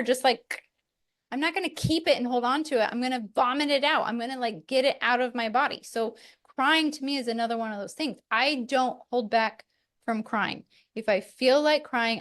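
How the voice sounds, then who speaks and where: A woman's voice: high voice, fairly bright tone. A middle-aged woman hosting a podcast, talking candidly and reflectively in casual chat, with light laughs now and then. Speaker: podcast host.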